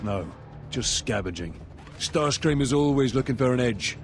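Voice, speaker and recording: A man plays a steady robot flier in a video game, speaking in an even middle voice with dry, laid-back remarks. Music runs behind him. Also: medium pitch, moderate pace, natural voice. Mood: wry.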